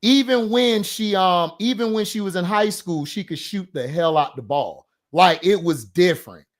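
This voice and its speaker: A man with a high, light voice argues basketball with passion, pressing the same point again and again. He talks casually and heatedly, and he doesn't back down. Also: normal speed. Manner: passionate, argumentative, repeats points insistently. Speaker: sports talk show host. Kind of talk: heated casual sports debate.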